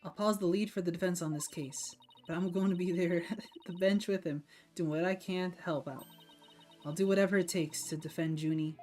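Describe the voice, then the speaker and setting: A woman's voice: on the low side, fairly even intonation, a little fast, darkish tone, soft background music, natural voice. A woman voicing an upbeat, confident young female defense attorney, reading game dialogue aloud with a peppy, brash manner. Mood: perky, confident. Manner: peppy and brash, brushing off nerves.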